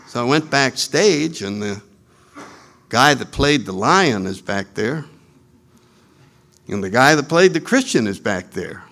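A man telling a humorous spiritual story, animated and acting out the voices of his characters. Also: mid-range voice, unhurried, gravelly, long pauses.

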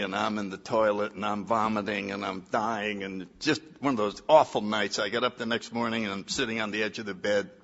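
A man's voice: lowish voice, bright, forceful tone, dull audio. An older man giving personal testimony at a recovery meeting, telling his story with wry, self-mocking humor.

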